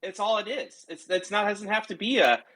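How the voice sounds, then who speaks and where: On a remote call from his own room, a podcast co-host argues casually with his partner, defensive and lecturing, with a throat tickle and a slightly nasal sound. His voice is high, pushed and bright, at a moderate pace, and the recording is rough.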